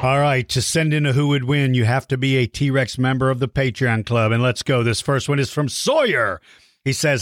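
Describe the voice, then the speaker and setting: A man's voice: medium pitch, steady tone, moderate pace, soft background music. A man hosting a podcast in casual chat, answering children's questions in a friendly way and stumbling over hard names.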